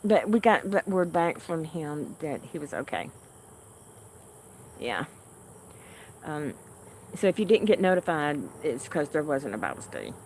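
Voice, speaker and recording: Slow-talking, homey woman chatting with viewers. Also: deep voice, very animated, slight background noise. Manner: unhurried and homey, answering chat comments with frequent soft laughs. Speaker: livestream host. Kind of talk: casual chat with viewers.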